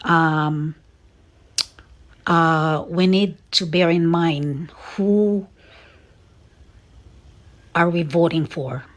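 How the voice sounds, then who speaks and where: An American woman speaks to her viewers in a low, slow voice. She sounds sad and earnest, stumbling through fillers and seeming near tears. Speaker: vlogger. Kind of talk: casual emotional monologue to viewers.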